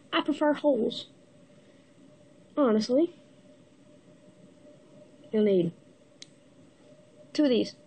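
A woman with the hiccups giving a casual step-by-step building tutorial, halting and pausing mid-step to show the pieces. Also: sits high, darkish tone. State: has the hiccups. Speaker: toy builder giving instructions.

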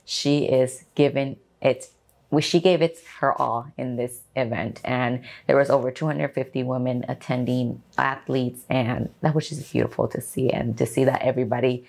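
A woman vlogger with a strikingly deep voice for a woman, speaking straight to her viewers. She gushes with enthusiasm in a casual recap tone. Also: steady tone, moderate pace, gravelly, a little mellow. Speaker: vlogger and bikini competitor.

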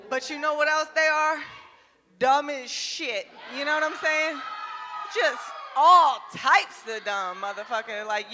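A young woman from New Jersey doing a stand-up comedy set, brash and loud with lots of swearing, often laughing at her own jokes. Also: high-pitched, long reverb tail. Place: comedy club stage.

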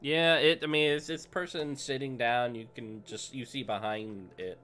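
A man acting as game master, narrating a tabletop horror game in an unhurried way with many pauses. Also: mid-range voice, steady tone, sharp tone. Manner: unhurried scene-setting with frequent "uh" pauses.

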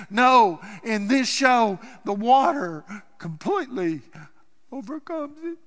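A male pastor delivers a sermon in a church sanctuary, his voice high and bright. He tells the story slowly and theatrically, rising to loud cries and dropping to near hushes. A long reverb trails behind every phrase. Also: very animated.

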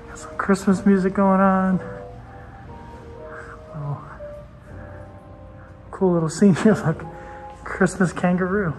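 A man's voice: high-pitched, fairly even intonation, slow pace, pauses often, soft background music. A man casually vlogging on the road, chatting with lots of fillers while he shows his hotel. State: out of breath. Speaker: travel vlogger. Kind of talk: casual travel vlog. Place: hotel and street in Thailand, walking around.

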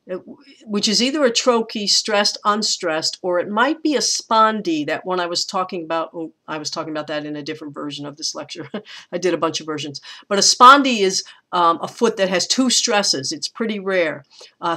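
In a relaxed recorded lecture, a college English teacher with a bright, clear-edged, medium-pitched voice explains a poem's meter. Verse lines are read slowly with the stressed beats emphasized, and between readings the teacher thinks aloud and sometimes restarts.

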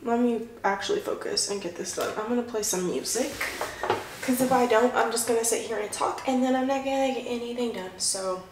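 A woman in her twenties rambling through a casual home vlog, chatty and animated. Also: a little high, a little fast. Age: 20s. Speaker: vlogger, mom of three. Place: at home, indoors. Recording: echoey room with clear background noise.

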